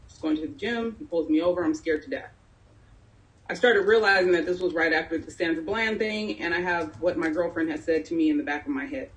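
A woman's voice: deep voice, a little fast, recorded from a distance. A middle-aged woman from San Jose candidly telling a personal story at a town hall, in a conversational way with plenty of fillers. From San Jose, California. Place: community town hall meeting.

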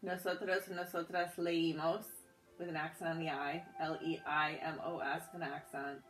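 A woman's voice: sits low, little pitch movement, normal speed, fairly bright tone, faint music behind, low-quality recording. A woman teaching a Spanish grammar lesson, patiently spelling words out letter by letter, with some fillers and self-corrections. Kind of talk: guided notes lesson.

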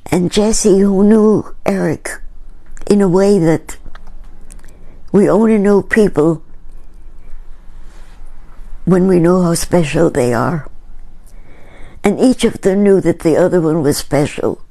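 Slow, warm-voiced older woman storyteller. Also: on the low side, gravelly. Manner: earnest, reflective, unhurried storytelling. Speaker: painter. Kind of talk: storytelling talk to a small group.

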